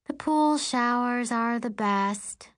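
A woman's voice: fairly high pitch, measured pace, voice pushed up, lightly acted. A woman voicing a friendly, slightly shy teen girl showing a newcomer around camp.

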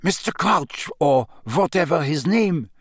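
A man's voice: on the high side, expressive, unhurried, no room sound, clean studio sound, pitched above the performer's own voice. Man doing a dazed, muttering young student.

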